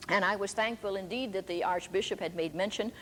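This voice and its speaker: A woman's voice: medium pitch, fairly quick, fairly bright tone. An older woman preaching a sermon, telling stories emphatically. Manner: emphatic storytelling. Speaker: preacher and teacher. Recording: echoey hall with faint background noise.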